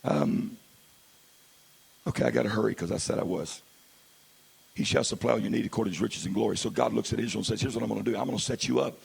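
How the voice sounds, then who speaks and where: Gravelly-voiced pastor preaching a sermon. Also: male voice, lowish voice. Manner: swings from quiet asides to loud, drawn-out preaching.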